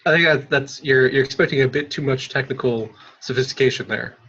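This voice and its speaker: A man co-hosting a podcast in casual chat, explaining things quickly with many fillers, heard over dull lo-fi call audio. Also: mid-range voice, sharp tone, slightly rough.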